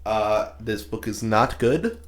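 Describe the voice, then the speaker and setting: A man's voice: on the low side, slow, a little hiss or hum. A man co-hosting a podcast, throwing in sarcastic quips and reactions. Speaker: podcast co-host. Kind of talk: casual podcast banter.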